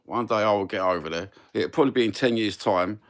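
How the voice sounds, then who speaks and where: Older cockney geezer doing a live chat, deep low voice, rambly and friendly, lots of mate and brother. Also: male voice, fast talker. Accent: Cockney London. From England. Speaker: live stream host. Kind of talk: casual live chat answering viewers.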